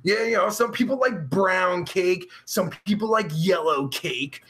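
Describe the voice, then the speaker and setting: A man's voice: high-pitched, unhurried, sharp tone. A young man hosting a live stream, reading out chat and answering in a rambling, profane, sarcastic way with groans and sighs.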